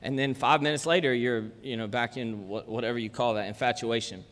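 A man's voice: medium pitch, steady tone, a little fast, fairly bright tone. A man, preaching a casual, conversational sermon full of jokes and chatty asides. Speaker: pastor. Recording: long church-hall reverb.

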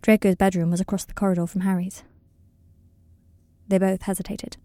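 A woman reading a story aloud in calm, even scripted narration, recorded close to the mic. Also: mid-range voice, moderate pace, dry recording. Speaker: audiobook reader.

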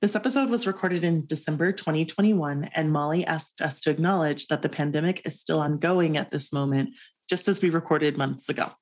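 Lower-voiced woman podcast co-host. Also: a little fast, a little mellow. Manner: upbeat, laughs easily. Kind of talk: read introduction, then casual chat.

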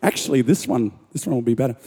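A young man preaching a sermon in a church hall, animated and rising to shouts on key lines. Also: mid-range voice, fast talker, gravelly, husky. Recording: long hall reverb.

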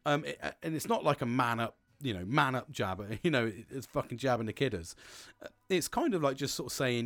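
A man's voice: medium pitch, animated, brisk, a bit bright. A British man talking in a frank, rambling casual monologue, swearing freely as a podcast host.

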